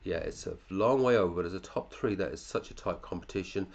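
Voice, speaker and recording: Male podcast host, deep and gravelly, chatty with muttered asides. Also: fast talker, lo-fi sound. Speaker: fantasy football podcast host. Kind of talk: casual chat reviewing listeners' teams.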